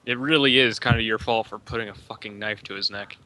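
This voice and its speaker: Man, player in character, blunt, grumbling, swears, smooth crisp voice. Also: lowish voice, steady tone, quick pace, sharp tone. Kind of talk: in-character tabletop role-play over voice chat. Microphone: computer mic on a voice call.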